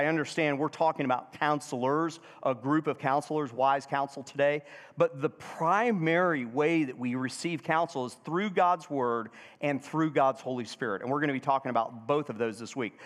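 A man preaching a sermon as pastor, asking the congregation questions and having them repeat words. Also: mid-range voice. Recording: hall reverb.

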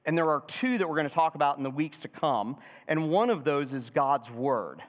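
A man's voice: fairly high pitch, animated, moderate pace. Man preaching in a reverberant hall. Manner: preaching, engaging the congregation with questions. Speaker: pastor. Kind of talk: sermon.

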